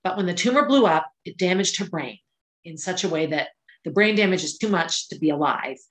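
A middle-aged woman hosting a podcast, telling a personal story with emotion, at times near tears, with pauses and restarts. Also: fairly low pitch, lively intonation, fairly bright tone, rough recording. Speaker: podcast host. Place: indoors, filming herself.

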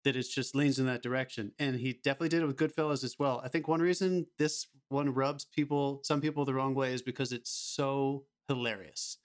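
A man co-hosting a podcast, talking about a film in an animated, emphatic way and swearing freely. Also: mid-range voice, brisk, hardly any pauses. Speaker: podcast co-host. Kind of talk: casual film discussion.

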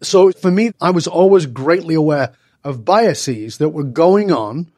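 A man in his sixties from Northern England talks as an interview guest. His voice sits a little high and sounds dry and close, with no room around it. He tells stories with animation, jumping into the voices of the people in them. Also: a little slow, dry recording. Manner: acts out dialogue with lively voice changes. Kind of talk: animated storytelling in conversation.

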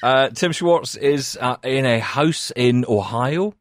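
A man's voice: medium pitch, slow, dry recording, studio quality. A man hosting a casual tech podcast, chatty and self-mocking with lots of fillers. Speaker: podcast host.

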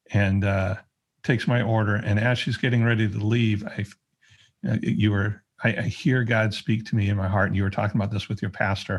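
A man with a husky, breathy voice sits low in his register as he tells a personal story on a podcast. He talks casually, stopping and restarting often and using plenty of fillers. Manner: conversational, with frequent fillers and restarts. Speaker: podcast guest.

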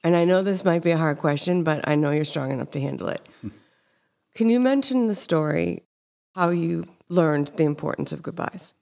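A woman's voice: low voice, moderate pace, gravelly, darkish tone. A woman hosting a conversational interview, telling stories earnestly and acting out quoted dialogue. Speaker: podcast host.

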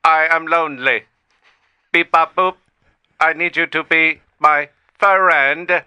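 Melodramatic lonely AI , man putting it on, grandiose robotic speeches, crisp bright tone. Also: fairly high pitch, fairly even intonation, slow pace, dry recording, highs cut off, full character voice. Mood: scheming. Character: dramatic male AI survivor inside a man's body, lonely.

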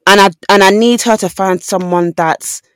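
Brief: young woman, podcast co-host, lively storyteller who acts out quotes, dry close sound. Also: medium pitch, moderate pace, dry recording. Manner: animated storytelling with voiced quotes. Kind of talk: casual chat.

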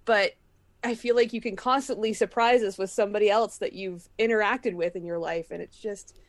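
Brief: woman podcast co-host, mid pitch, admiring and halting, dry close sound. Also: fairly even intonation, no room sound. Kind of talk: casual chat.

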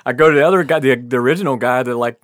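Speaking very fast in a mid-range voice, this male guest storyteller spins a long comic tale on a podcast. He laughs frequently, curses often, and performs other people's lines. The recording is clean studio sound without room sound.

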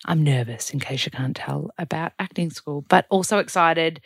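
Woman, Australian accent, low voice, chatty, self-deprecating, podcast studio, close dry mic. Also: brisk, hardly any pauses, no room sound. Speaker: podcast host. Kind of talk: casual diary check-in.

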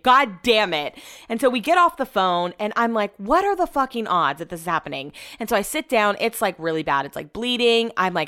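Chatty woman, smooth voice. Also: mid-range voice, a bit bright. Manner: chatty, heavy use of "like", swears freely. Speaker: storyteller. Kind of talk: casual storytelling.

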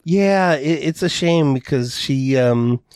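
A man's voice: on the high side, takes it slowly, darkish tone, clear, resonant tone, dry recording, studio quality. A man co-hosting a casual movie review podcast, talking loosely with many ums and uhs. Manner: rambling with many fillers. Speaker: podcast co-host.

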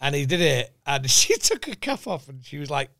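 A man, a comedian guest telling animated stories and laughing a lot. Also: fairly high pitch, moderate pace, gravelly, no room sound, studio quality. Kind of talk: casual comedy podcast chat.

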